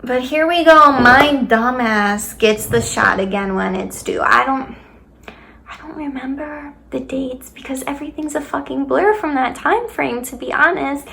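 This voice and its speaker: A woman's voice: high-pitched, measured pace, gravelly, pushed and bright, slight background noise. A young woman talking candidly in a casual vlog, rambling with lots of fillers and swearing freely. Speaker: vlogger.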